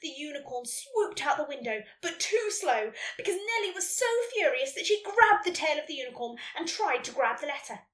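Animated woman narrator for a kids' story read, high bright voice. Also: moderate pace, hardly any pauses. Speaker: podcast host reading a listener story. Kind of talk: storybook reading. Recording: roomy echo, distant mic.

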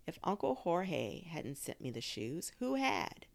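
A woman narrating a children's story in an expressive storytelling manner. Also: fairly low pitch, measured pace, vocal fry. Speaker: audiobook narrator.

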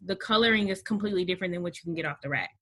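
A woman's voice: fairly low pitch, rapid-fire, sharp tone. A woman guest, a bride, talking casually and laughing often on a podcast. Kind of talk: casual conversation.

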